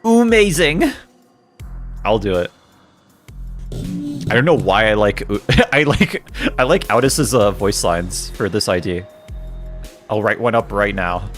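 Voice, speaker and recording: A man's voice: lowish voice, expressive, takes it slowly, long pauses, a bit bright, soft background music. A man streaming a game and chatting casually, laughing often as he answers his viewers' messages. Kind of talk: casual livestream chat.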